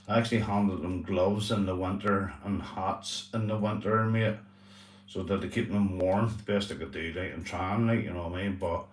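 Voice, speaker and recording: A man's voice: deep voice, fairly even intonation, brisk, roomy sound, far from the mic, slight background noise. A man hosting a casual livestream chat, talking earnestly and repetitively, swearing and calling his viewers "mate". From Northern Ireland. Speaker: livestream host.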